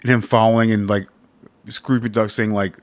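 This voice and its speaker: A man's voice: on the low side, flat delivery, unhurried, no room sound. Male podcast co-host, casual, rambling, mild swearing, dry close sound. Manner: rambling with many fillers and restarts. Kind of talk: casual chat.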